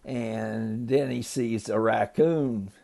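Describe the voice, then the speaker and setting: A man's voice: fairly low pitch, slow pace, vocal fry, warm tone. An older man, a grandfather, loosely retelling a children's story to a grandchild, ad-libbing with small slips.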